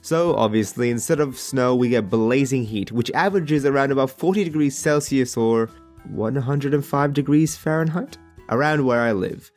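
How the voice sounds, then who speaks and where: A man's voice: mid-range voice, normal speed, darkish tone, soft background music. A man from Australia with an Australian accent narrates a scripted vlog in a joking, wry way. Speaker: YouTuber.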